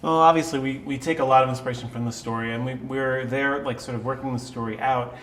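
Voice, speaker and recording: Thoughtful songwriter in an echoey room. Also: male voice, mid-range voice, fairly even intonation, fast talker, a bit bright, a little hiss or hum. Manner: thoughtful, with fillers. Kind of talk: interview answer. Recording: echoey and distant.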